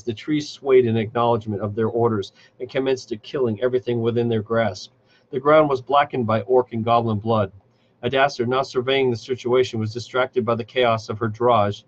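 A man's voice: mid-range voice, lo-fi sound. A man giving a live reading of a fantasy novel, stumbling and correcting himself as he goes. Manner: reading with frequent restarts and self-corrections. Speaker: reader.

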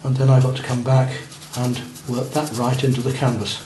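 This art teacher speaks with a warm, medium-pitched voice, delivered completely flat at a moderate pace. Guiding a beginners' painting class as he works, he encourages his students and checks on their efforts. The room sounds spacious, with faint noise.

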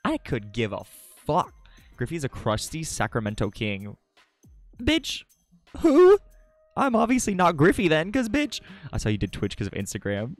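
Young streamer dude, early 20s, giggles and cusses nonstop, voice bounces way up and down, bit of gravel, faint music behind. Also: male voice, wildly swooping pitch, normal speed, no echo. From California. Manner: giggly, swears a lot, swings into high squeals. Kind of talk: casual live-stream chat with viewers. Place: home at night.

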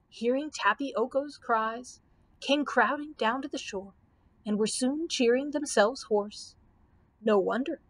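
Casting: librarian, woman, storybook read-aloud, bright higher voice, expressive.

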